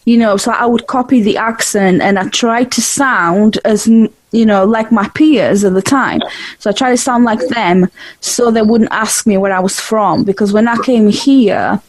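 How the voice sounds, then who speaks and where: A woman's voice: mid-range voice, normal speed, no room sound, poor audio. Chatty woman with a Yorkshire-Eastern European accent. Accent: Yorkshire mixed with Eastern European. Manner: chatty, many fillers and restarts. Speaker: podcast host. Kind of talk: casual interview chat. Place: home in Leeds.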